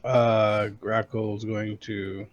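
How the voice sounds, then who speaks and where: A man's voice: fairly low pitch, little pitch movement, drawn-out words, dull audio. A man playing a tabletop game, hesitant and thinking aloud over his turn. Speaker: player. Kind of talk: casual tabletop game play.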